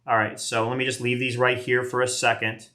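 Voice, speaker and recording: A man's voice: medium pitch, level tone, fairly quick, sharp tone. A man in his late fifties, chatting casually as he opens trading card packs on a live stream, rambling and self-deprecating. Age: 50s. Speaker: card collector doing a live box break.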